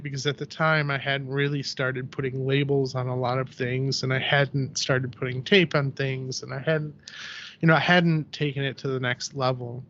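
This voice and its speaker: This podcast guest, a ceramic artist, has a mid-range male voice captured with lo-fi sound. He spins lively anecdotes in a relaxed, chatty way, voicing the people he quotes and saying "like" constantly.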